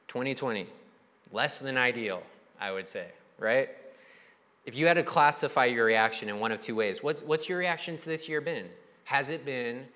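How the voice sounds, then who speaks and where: A young male pastor preaches in a relaxed, conversational way, slipping into voices for the people he quotes. His voice sits at a middle pitch and carries a long reverb from a large church hall. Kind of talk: sermon.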